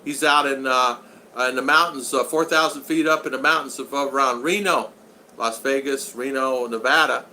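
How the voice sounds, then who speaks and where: A man's voice: medium pitch, steady tone, normal speed, pushed and bright, a little hiss or hum, poor audio. A man in his sixties hosting a casual livestream, reading viewer comments aloud in a rambling, folksy, joking way. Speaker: channel host.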